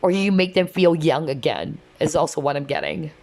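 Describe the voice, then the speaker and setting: A woman's voice: sits low, moderate pace, darkish tone. A woman giving a casual, chatty tarot reading, often checking in with "okay?" and "you know". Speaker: tarot reader.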